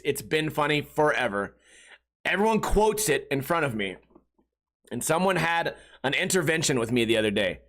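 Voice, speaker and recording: A man's voice: on the high side, a bit bright. A man hosting a comedy podcast, ranting in a casual, exasperated way and mimicking friends in a raised voice. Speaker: podcast host.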